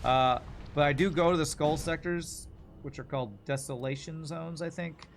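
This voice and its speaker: A man's voice: on the high side, normal speed, vocal fry, slight background noise. A man streaming a video game, chatting casually and answering viewer questions while he plays. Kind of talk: casual gameplay commentary.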